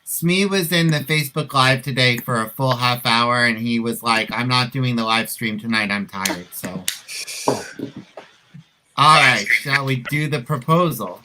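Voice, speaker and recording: A man's voice: medium pitch, unhurried, noisy background. A man hosting a live video-call play reading, chatting jokily between scenes and reading stage directions. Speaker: host and stage-direction reader.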